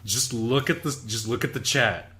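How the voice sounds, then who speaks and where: A man's voice: medium pitch, normal speed. A man co-hosting a podcast in casual chat, telling stories with lots of laughing and swearing. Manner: animated storytelling, laughing, swearing. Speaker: podcast co-host.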